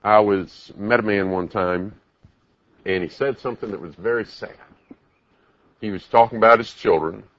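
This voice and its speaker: A man's voice: on the low side, steady tone, moderate pace, long pauses, a bit bright, no room sound, highs cut off. A man preaching a sermon, emphatic, asking the congregation many rhetorical questions.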